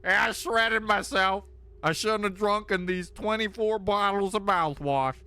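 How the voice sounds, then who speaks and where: A man's voice: high-pitched, unhurried, sharp tone, clear, resonant tone, pitched above the performer's own voice, heavily acted. A man voicing an apologetic young male crewmate in a whiny tone during a let's play. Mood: sheepish.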